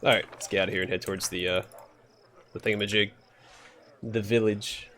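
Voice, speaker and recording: A man's voice: fairly low pitch, fairly even intonation, fairly quick, bright, forceful tone. A man hosting a let's play, thinking aloud with fillers and self-corrections as he plays. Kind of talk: casual gameplay commentary.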